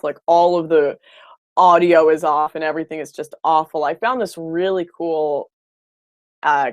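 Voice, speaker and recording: A woman's voice: deep voice, dry recording, studio quality. A woman hosting a casual livestream, answering viewer comments in a blunt, opinionated way with frequent restarts. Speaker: livestream host.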